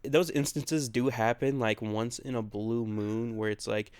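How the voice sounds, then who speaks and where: A man's voice: mid-range voice, steady tone, unhurried, darkish tone, clean tone. A man co-hosting a podcast in casual chat, rambling a bit, laughing often and swearing loosely. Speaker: podcast co-host. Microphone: own separate recording.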